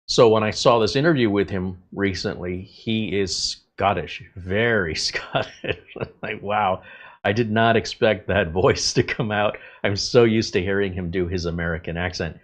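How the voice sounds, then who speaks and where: A man hosting a live tech channel stream, greeting viewers in a relaxed, chatty way with many filler pauses. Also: lowish voice.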